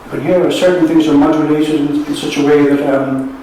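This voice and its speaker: An Irish poet with a somewhat high voice reads his work at a launch in a wry, sardonic way, chuckling at his own jokes. He is picked up from a distance in a very echoey museum hall. A faint hiss sits underneath. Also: steady tone, a little fast, mellow. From Ireland. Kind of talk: poetry reading at a book launch. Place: museum hall at a live event. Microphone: room recording from a distance.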